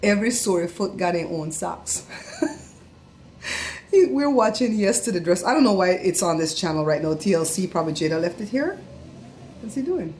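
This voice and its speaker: A woman's voice: mid-range voice, very animated, normal speed, pauses often, darkish tone, a little hiss or hum. Chatty middle-aged woman from Belize. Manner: chatty, laughs often while talking. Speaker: family vlogger. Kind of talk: casual vlog chat. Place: at home.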